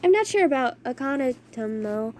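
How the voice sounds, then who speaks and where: Woman as a gentle, soft-spoken lady. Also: sits high, big pitch swings, moderate pace, slight background noise. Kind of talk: fan audio drama reading.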